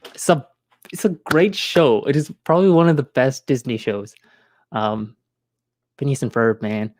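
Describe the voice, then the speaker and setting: A man with a mid-range, darkish voice talks a little slowly in a dry recording. Streaming from home, he chats casually into a close mic, rambling with many fillers and restarts.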